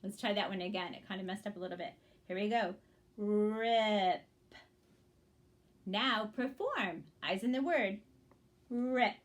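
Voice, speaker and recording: A woman's voice: mid-range voice, fairly quick, a bit bright. A woman teaching young children to blend word sounds in a reading lesson, speaking patiently and encouragingly and checking in often.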